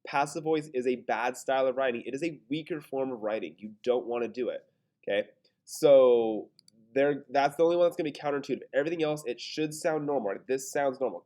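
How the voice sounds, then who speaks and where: A man's voice: mid-range voice, fast talker, dark tone. A man teaching a grammar lesson in a casual way, thinking aloud and talking himself through his own mistakes. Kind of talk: screen-recorded grammar lesson.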